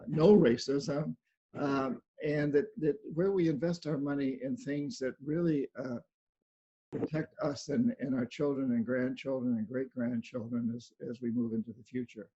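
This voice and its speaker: A man's voice: mid-range voice, moderate pace, dark tone. An older man, an author, talking earnestly as a guest on a video call and often repeating words as he goes. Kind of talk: casual video-call interview. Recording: dull lo-fi video-call audio.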